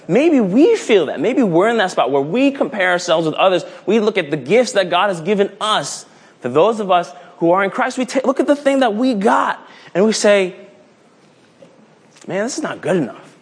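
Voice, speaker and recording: A man preaches in a casual, storytelling way. His voice sits high and swoops up and down with energy. He restarts his phrases and plays with the story as he goes. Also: normal speed, breathy edge. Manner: animated, rambling with restarts, playful.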